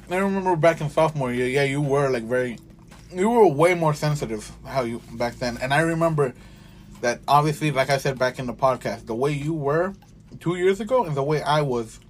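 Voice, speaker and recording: A man's voice: a little high, normal speed, long pauses, slight background noise. A young man co-hosting a podcast in casual chat, speaking frankly and swearing casually. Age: young adult. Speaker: podcast co-host.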